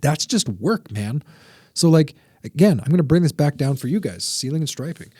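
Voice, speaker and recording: Husky-voiced man telling a business story. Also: a little high, normal speed, dry recording, studio quality. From Canada. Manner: animated storyteller, acts out both sides of phone calls, many "like" fillers. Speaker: podcast host. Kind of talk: casual storytelling monologue.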